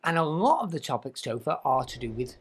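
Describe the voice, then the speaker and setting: A man's voice: mid-range voice, sing-song, fairly quick, husky. A man hosting a podcast in a studio, talking casually and eagerly, with lots of restarts and "like"s. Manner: enthusiastic, restarts words often, says "like" a lot. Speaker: podcast host.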